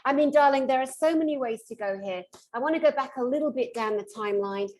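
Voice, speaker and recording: A British woman hosting an interview, talking in a lively, playful, high-energy way. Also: quick pace, background noise. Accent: British English. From England. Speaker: host. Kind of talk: casual interview chat.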